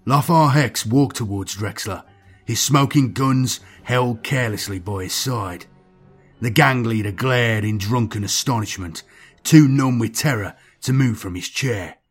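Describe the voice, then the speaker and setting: A man narrating a dark science-fiction story in a measured, grim storytelling manner. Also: mid-range voice, slightly rough, faint music behind. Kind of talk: scripted dark sci-fi story reading.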